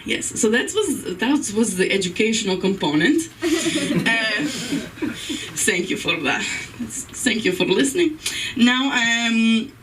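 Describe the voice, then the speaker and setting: A woman's voice: fairly high pitch, animated, slow, fairly bright tone, distant mic, low-quality recording. A woman doing stand-up comedy at an open mic night, rambling and giggling at her own jokes in a self-deprecating way. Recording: off-mic voice with faint room noise.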